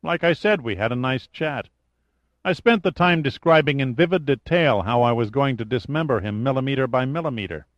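A man's voice: medium pitch, a little fast, no room sound, voice pushed up, lightly acted. Man doing sardonic tough sidekick, mocking menace, dry close sound. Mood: wry. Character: wry, menacing male sidekick, joking about torture. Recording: dull lo-fi audiobook recording.

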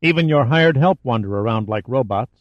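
A man's voice: mid-range voice, expressive, a little fast, dry recording, muffled recording, lightly acted. A man voicing a defiant adventurer who taunts and mocks his captor with sarcasm. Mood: taunting.

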